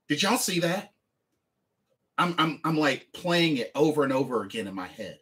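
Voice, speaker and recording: A man's voice: on the high side, very animated, moderate pace, fairly bright tone. A man streaming a sports game recap, talking emphatically and repeating the same phrases again and again. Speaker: livestreamer and sports fan.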